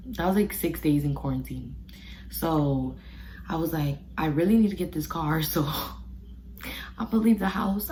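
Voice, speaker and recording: A woman's voice: fairly low pitch, darkish tone, slight background noise, rough recording. A young woman in her twenties telling a story in slangy casual chat while doing her makeup, recorded close on a phone indoors. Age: 20s. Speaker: beauty vlogger. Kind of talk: casual get-ready-with-me chat. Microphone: phone camera close up.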